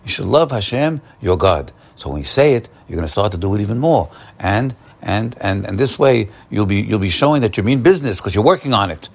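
A man's voice: lowish voice, animated, a little fast, vocal fry, hardly any pauses, husky. A man giving an upbeat, encouraging morning Torah talk, often repeating and restarting his phrases. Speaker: Torah teacher.

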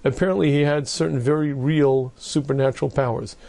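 Gravelly-voiced rabbi telling a sermon story. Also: male voice, mid-range voice, fairly even intonation, a little fast, warm tone. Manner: vivid storyteller, frequent throat clearing.

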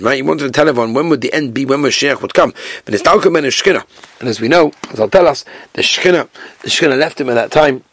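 A man reads and explains Talmud at a brisk clip, his voice rising and falling with lively energy. His tone is a little husky, and the sound is close and dry with no room echo. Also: mid-range voice. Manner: rapid, animated, mixes Hebrew and Aramaic terms into English. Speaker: Talmud teacher. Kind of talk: Talmud study lesson.

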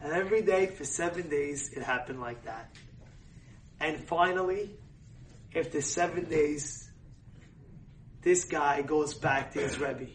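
Man, sermon storytelling, hushed then loud outbursts, echoey hall, distant mic. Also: a little high, a little slow, long pauses, a little hiss or hum. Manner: swings from hushed narration to loud emotional outbursts. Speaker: rabbi telling a story. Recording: echoey room, voice from far off.

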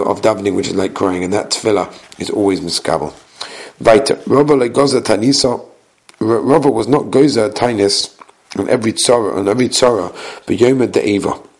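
A man's voice: lowish voice, vocal fry, darkish tone, husky. A man teaching a Talmud lesson, reading the source text and then explaining it, often restarting and hesitating. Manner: reads Hebrew and Aramaic text, then explains it in English.

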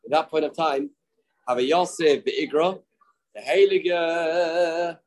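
Storytelling Talmud teacher, fairly high voice. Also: male voice, fairly even intonation, takes it slowly, low-quality recording. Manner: storytelling, repeats phrases, mixes in Hebrew and Yiddish terms. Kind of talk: daily Talmud class.

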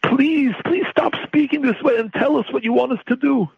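A man preaching as a rabbi, his voice set high and edged with a gravelly fry. He pleads with great feeling and climbs toward near cries. The sound is dry and a little dull, with no room around it. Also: moderate pace, no room sound. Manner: pleading, emotional, rising to cries. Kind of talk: impassioned sermon.

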